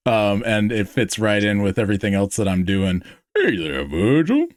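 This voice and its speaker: A man hosts a casual online writers' chat, talking easily with fillers. His voice is lowish and the call audio sounds dry and close. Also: little pitch movement, normal speed, no echo. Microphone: computer mic on a voice call.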